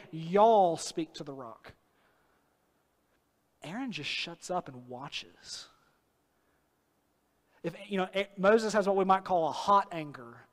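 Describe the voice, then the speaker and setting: A man preaching a sermon as pastor, earnest, slowing down on key phrases for emphasis. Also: sits high, fairly bright tone. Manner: earnest preaching with sudden slow emphatic phrases and acted quotes. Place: church sanctuary. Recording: long hall reverb.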